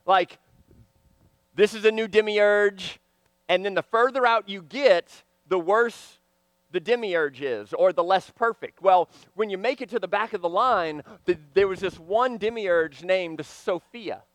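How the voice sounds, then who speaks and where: High-voiced, slow-paced preaching man. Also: dry recording. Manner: animated preaching, swinging from loud to hushed. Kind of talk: sermon.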